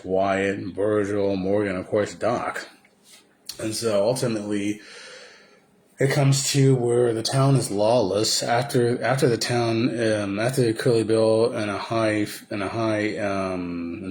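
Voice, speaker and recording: A man casually retelling a film scene by scene in an animated way, stumbling over names and laughing along. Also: fairly low pitch, a little hiss or hum. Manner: animated, acts out lines, laughs, loses his train of thought. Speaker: film fan recounting a movie.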